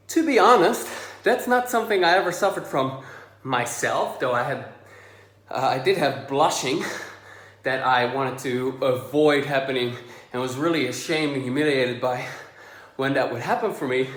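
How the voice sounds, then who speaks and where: A male coach speaks straight to the camera, a little out of breath, in a relaxed, chatty way that drifts through fillers and pauses. His voice sits on the higher side, and the room around him rings with echo. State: slightly out of breath. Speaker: social anxiety coach. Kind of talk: direct-to-camera video lesson. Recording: echoey room.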